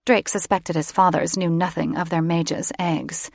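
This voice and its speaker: A woman audiobook narrator giving steady, scripted fantasy narration close to the microphone. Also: lowish voice, a little slow, creaky, no echo. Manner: steady storytelling. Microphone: close studio microphone.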